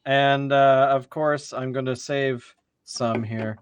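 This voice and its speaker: A man hosting a casual livestream beer tasting, excitable and prone to stammering restarts. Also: medium pitch, takes it slowly, smooth, no room sound. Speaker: host of a beer review show.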